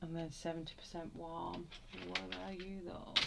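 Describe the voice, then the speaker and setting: A woman's voice: fairly low pitch, flat delivery, normal speed, vocal fry. A woman hosting a live colouring stream from home, chatting casually and reading out viewer comments between strokes. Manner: chatty, laughs often, reads out viewer comments. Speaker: coloring livestream host. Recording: noisy home recording with pencil clicks.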